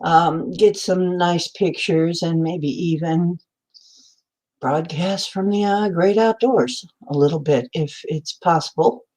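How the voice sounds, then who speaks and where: A woman's voice: lowish voice, takes it slowly, a little mellow. A woman hosting a casual livestream from indoors at home, chatty and often laughing, greeting viewers by name. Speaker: livestream host.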